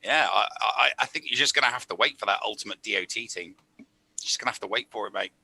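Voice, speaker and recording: A man's voice: fairly low pitch, fast, bright, forceful tone, breathy edge, dry recording, poor audio. A man from Middlesbrough, chatting casually on a live gaming panel and often restarting his sentences. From Middlesbrough, England. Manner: chatty, stammering restarts, says "mate". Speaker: panel regular. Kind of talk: casual live game chat.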